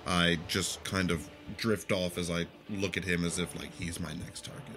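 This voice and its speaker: A man's voice: sits low, level tone, normal speed, sharp tone, faint music behind. A man playing a tabletop game, casually describing his character's actions. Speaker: player.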